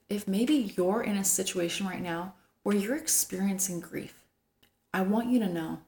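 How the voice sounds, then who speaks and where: Earnest woman teaching with a gravelly edge. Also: mid-range voice, reverberant. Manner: earnest and tender, drops to a soft whisper for emphasis. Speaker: Bible teacher. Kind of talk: devotional Bible teaching.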